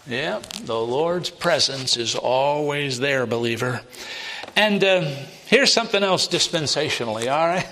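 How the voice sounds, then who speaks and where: A man preaching a sermon in a folksy, emphatic way, his voice jumping high on key words. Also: animated, unhurried, pushed and bright. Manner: folksy, uses many fillers and asides.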